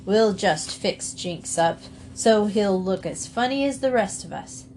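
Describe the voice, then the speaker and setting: Lady doing a bossy farm dog guy, teasing, slow and steady. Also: mid-range voice, a little hiss or hum, close to an everyday voice. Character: bold male farm dog.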